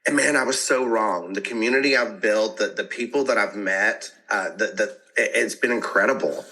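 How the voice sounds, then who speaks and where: Guy on a podcast, lowish voice but bright, animated, laughs a lot, restarts sentences. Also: normal speed, few pauses, rough recording. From American South. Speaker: podcast guest. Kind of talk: casual podcast interview.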